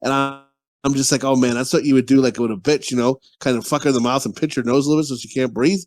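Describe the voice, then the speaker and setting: A man's voice: mid-range voice, steady tone, fast talker. A man co-hosting a podcast, rambling through crude stories with lots of fillers and profanity. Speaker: podcast co-host. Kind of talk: casual crude comedy chat.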